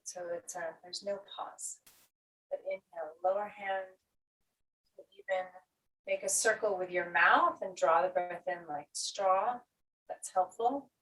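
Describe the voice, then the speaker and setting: Slow, calm woman guiding breathing. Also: medium pitch, distant mic, rough recording. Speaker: yoga therapist. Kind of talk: guided breathing instruction.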